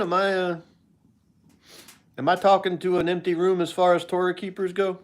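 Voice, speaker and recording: A man's voice: high voice, flat delivery, normal speed. An older man hosting a live stream, chatting casually with viewers in a rambling, joking way.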